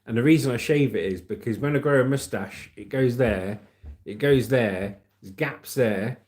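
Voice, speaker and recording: A man's voice: medium pitch, normal speed, darkish tone. Chatty British man hosting a livestream. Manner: chatty, jokey, reads comments aloud. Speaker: livestream host. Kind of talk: casual live chat reading comments.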